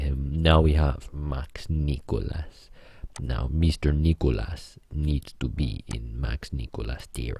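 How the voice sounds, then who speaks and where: A man giving casual tier-list commentary, rambling and deadpan with lots of hesitations. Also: rumbling low, husky, no echo. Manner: rambling, deadpan joking with many fillers. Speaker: online video creator ranking channels.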